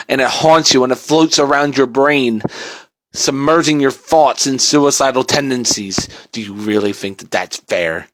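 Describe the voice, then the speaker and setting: A man's voice: mid-range voice, a bit bright. A man telling a first-person creepypasta horror story in a casual, profane, dramatic way.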